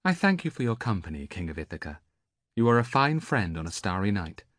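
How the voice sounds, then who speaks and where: A woman's voice: rumbling low, very animated, brisk, dry recording, heavily acted. A man voicing a proud, sarcastic young priestess in an audiobook, speaking in a dry, mocking way. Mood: frank.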